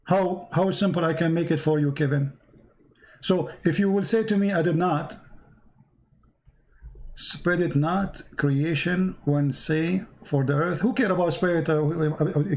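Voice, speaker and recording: Man, high-pitched, hoarse, insistent live stream debater, repeats questions. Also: a little slow, a little mellow, rough recording. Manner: insistent, repeats his questions, reads verses aloud. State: losing his voice.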